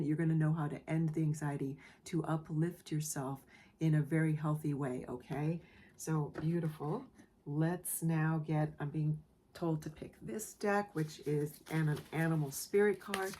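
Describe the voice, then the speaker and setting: A woman giving a collective tarot reading in a soft, emotional way, often repeating phrases and checking in with the listener. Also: low voice, steady tone, normal speed, slight background noise. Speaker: tarot reader. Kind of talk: gentle spoken tarot reading.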